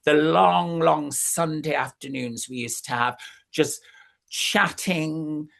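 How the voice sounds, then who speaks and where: A guest in their sixties tells stories at an easy, rambling pace. The voice leaps up and drops down in pitch as the stories go on, full of ums and you-knows. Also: slow pace, creaky, fairly bright tone. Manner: chatty storyteller, many fillers, big pitch swings. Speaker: guest, former recording artist. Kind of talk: anecdotal interview chat.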